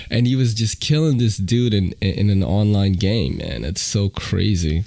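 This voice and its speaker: A man's voice: fairly low pitch, darkish tone, no room sound. A man hosting a podcast in casual, rambling chat, often laughing and using many fillers. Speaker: podcast host.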